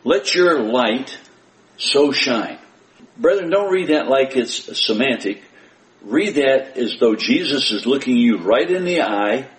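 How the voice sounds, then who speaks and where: A man's voice: mid-range voice, lively intonation, takes it slowly. A man preaching a sermon as pastor, earnest and emphatic, repeating his key phrases and addressing his congregation directly. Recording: roomy church sound.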